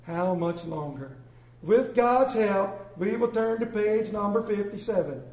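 A man playing a flustered old country pastor with a drawn-out, exasperated delivery from the pulpit. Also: sits high, animated, a little mellow, echoey room, distant mic, pitched above the performer's own voice, poor audio.

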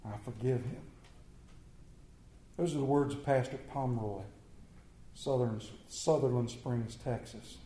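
A male pastor preaching a Sunday sermon, animated and joking with the congregation, swinging between loud emphasis and quiet asides. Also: mid-range voice, a little hiss or hum. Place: church sanctuary. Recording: echoey church room.

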